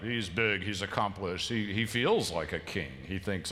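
A pastor preaches a sermon in a large church sanctuary, his mid-range voice bright and forceful, sing-song, a little fast, with few pauses. He's conversational and amused with himself, slipping into the voices of biblical figures. The recording carries the long hall reverb of a church.

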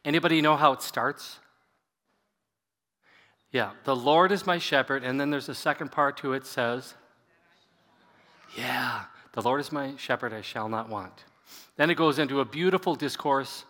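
A man's voice: mid-range voice, a little slow, pauses often, bright, forceful tone. A man preaching to a seated congregation as their pastor, talking in a conversational way and leading them in prayer. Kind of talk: sermon. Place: church sanctuary. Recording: echoey church hall.

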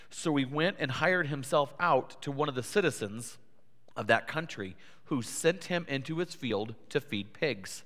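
A man preaching a sermon to his congregation, animated and lively, switching into different voices to act out how listeners react. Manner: animated, acts out listeners' voices with big pitch swings. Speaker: pastor. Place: church sanctuary. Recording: reverberant church hall.

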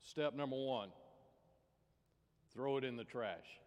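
A man's voice: medium pitch, takes it slowly, a little mellow, slight background noise. A man preaching as pastor, telling stories and jokes in a folksy manner. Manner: folksy storytelling. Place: church sanctuary. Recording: reverberant church hall.

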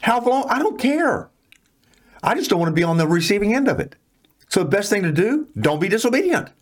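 A man co-hosting a relaxed Bible study. His slightly high voice swoops up and down a lot as he makes his points, and he speaks in an emphatic, folksy, preacherly way. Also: fairly quick. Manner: animated, emphatic, preachy, colloquial. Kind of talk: casual Bible discussion.

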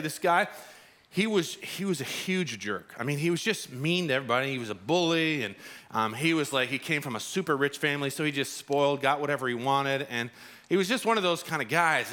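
A man's voice: on the high side, pushed and bright. A man preaching a sermon as pastor, telling a personal story with acted-out quotes. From Arizona.

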